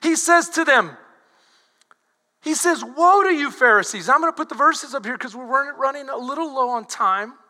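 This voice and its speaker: A pastor preaches in an animated, rising style, bursting into shouts as he quotes. His voice is unusually high and piercingly bright. A long reverb trails him through the hall. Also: normal speed. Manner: animated, switches to shouting when quoting. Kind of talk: sermon.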